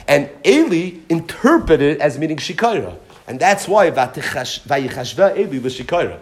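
A man's voice: on the high side, big pitch swings, normal speed. A man teaching a Talmud and Jewish law class, explaining sources with Hebrew and Yiddish terms mixed into English. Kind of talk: Torah class lecture.

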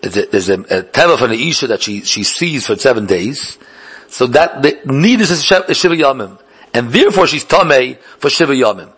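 A man's voice: medium pitch, animated, brisk, fairly bright tone, slightly rough. A man giving a Talmudic lecture, thinking aloud with many restarts and repeated words and mixing in Hebrew learning terms. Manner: mixes English with Hebrew and Yiddish learning terms. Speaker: Talmud teacher.

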